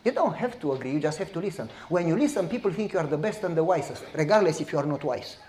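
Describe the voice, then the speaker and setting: A man, preaching as a pastor and telling a story in a lively, direct way. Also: on the high side, fast, echoey room, slight background noise. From Romania. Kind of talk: sermon storytelling.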